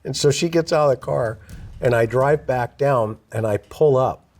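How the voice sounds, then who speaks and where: A middle-aged man telling a story in an interview, casual and relaxed, full of "you know" and "uh". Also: mid-range voice, normal speed. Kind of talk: casual spoken anecdote. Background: faint music.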